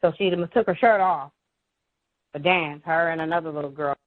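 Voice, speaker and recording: A woman tells an exasperated, animated story, slipping into the voices of the people she quotes. Her voice sits a little low. It comes through a tinny, dry phone line. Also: normal speed, no room sound.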